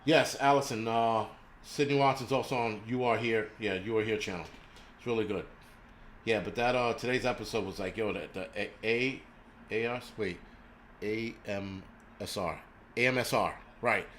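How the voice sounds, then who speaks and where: A man's voice: fairly low pitch, normal speed, a bit bright, slight background noise. A man hosting a livestream, ranting crudely and rambling while he answers viewers' chat. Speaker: livestream host.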